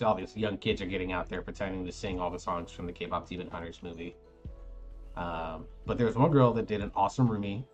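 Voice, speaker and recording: Streamer dad, 30s, low voice, chatty and rambling, faint music bed. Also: male voice. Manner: rambling, animated anecdote with many fillers. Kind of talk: casual storytelling.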